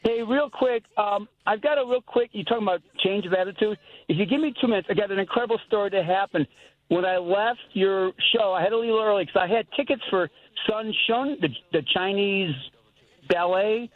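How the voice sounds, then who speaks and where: A man's voice: sits high, a little fast, no room sound. Older man calling in on a tinny phone. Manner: rambling, earnest, repeats himself. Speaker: caller. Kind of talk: casual call-in chat.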